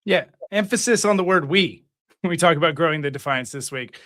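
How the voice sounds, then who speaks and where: A man's voice: a little high, lively intonation, fast talker, fairly bright tone. A man co-hosting a live-streamed political talk show over a video call, speaking in an earnest, encouraging way. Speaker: co-founder and co-host.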